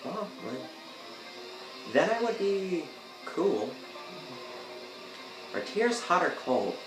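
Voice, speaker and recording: Slow-talking joking gamer man. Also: high voice, sing-song. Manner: rambling, joking, with sudden loud outbursts. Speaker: gameplay video host. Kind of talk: casual gameplay commentary. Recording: echoey room with game music behind.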